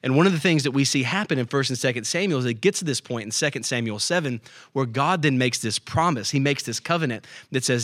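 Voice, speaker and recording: A man's voice: mid-range voice, expressive, fast, fairly bright tone, no echo, studio quality. A man preaching a conversational sermon as a pastor, often checking in with his listeners. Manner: conversational, asks the room "right?".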